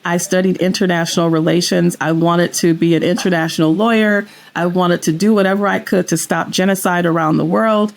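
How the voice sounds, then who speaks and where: A woman's voice: lowish voice, brisk, gravelly, few pauses. Enthusiastic woman guest telling stories. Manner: enthusiastic, expressive storyteller. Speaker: guest investor. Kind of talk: podcast interview.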